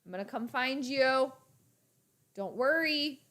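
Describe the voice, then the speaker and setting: A woman hosting a casual sports livestream, talking chattily to her viewers in an animated way. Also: high-pitched, takes it slowly. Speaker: sports channel host.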